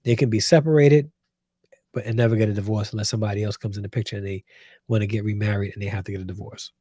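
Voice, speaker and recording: A man's voice: lowish voice, fairly even intonation, rapid-fire, dark tone, slightly rough, dry recording. A man hosting a show, giving emphatic Bible commentary and repeating phrases for weight. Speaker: host.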